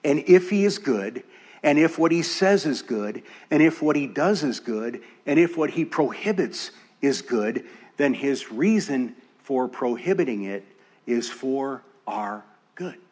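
A man preaches from a church pulpit in a measured, deliberate voice of middling pitch. He leans on repetition, layering parallel phrases to drive each point home. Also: expressive, darkish tone. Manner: measured, emphatic build through repeated phrases. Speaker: pastor. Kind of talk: sermon.

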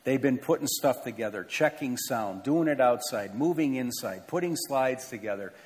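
Middle-aged man, pastor, mid-pitched voice, conversational pulpit announcements, big sanctuary reverb. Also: expressive, normal speed. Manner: conversational, earnest, self-deprecating asides. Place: large church sanctuary with a balcony. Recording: long hall reverb in a church.

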